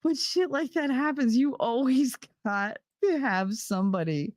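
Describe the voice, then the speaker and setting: High-voiced woman laughing through a story. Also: animated, unhurried, darkish tone, dry recording, clean studio sound. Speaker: livestream host. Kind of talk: casual storytelling chat. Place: room at home.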